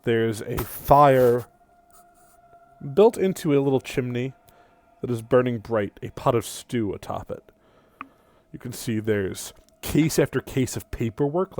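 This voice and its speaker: A man narrating a tabletop game as game master, unhurried and descriptive. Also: medium pitch, a little mellow. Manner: descriptive, unhurried scene-setting.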